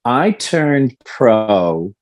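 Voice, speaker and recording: Drawing out his words with big pitch swings, a medium-pitched man in his fifties appears as a guest on a podcast. The former fighter shares his story with candor and animation, performing the quoted lines.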